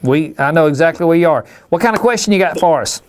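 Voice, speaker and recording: A man's voice: a little high, expressive, fast. A man from Alabama, hosting a hunting call-in show in a folksy, rambling way. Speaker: radio show host. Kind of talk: casual call-in chat.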